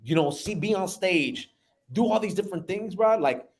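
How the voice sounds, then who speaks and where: A man in his thirties, a business owner telling an emotional personal story in an animated way, often repeating words. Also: sits high, normal speed.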